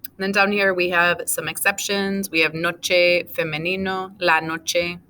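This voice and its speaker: A woman teaching a recorded class, going over answers item by item in a steady, methodical way. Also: lowish voice, measured pace, slight background noise. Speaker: Spanish teacher.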